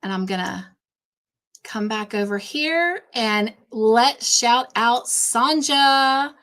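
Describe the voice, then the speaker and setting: A woman hosts a casual live stream, her voice sitting a little high. She greets each viewer by name with effusive warmth and often gets sidetracked between tasks. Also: slow. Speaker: livestream host.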